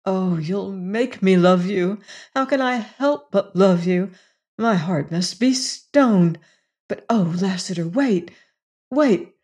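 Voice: medium pitch, slow pace, darkish tone, close to an everyday voice. A reader voicing a torn, anguished woman in an audiobook, pleading in a breathless, raised voice. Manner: pleading, breathless, often whispered. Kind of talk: audiobook reading.

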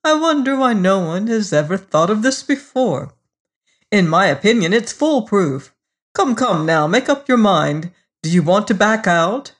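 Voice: medium pitch, lively intonation, measured pace, a bit bright. A narrator voicing a smug man who bargains with the devil, in a pushy, self-satisfied storybook reading.

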